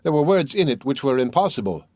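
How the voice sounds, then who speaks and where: A man's voice: medium pitch, very animated, quick pace, a little mellow, dry recording, studio quality. A man reading a sorrowful townswoman telling a tale. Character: grieving middle-aged woman telling a sad tale. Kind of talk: scripted narration.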